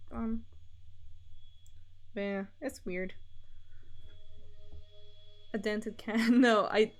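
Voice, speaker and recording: A young woman chatting casually on a stream while she draws, rambling and laughing often between thoughts. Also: fairly low pitch. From Scotland.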